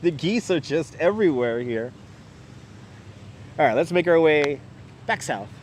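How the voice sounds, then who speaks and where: A man's voice: on the high side, animated, unhurried, a little hiss or hum. A man hosting a live walking tour outdoors on a wireless lapel mic, chatty, laughing often and greeting viewers by name. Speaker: livestream host. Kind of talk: live walking tour, reading chat aloud. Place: outdoor waterfront park.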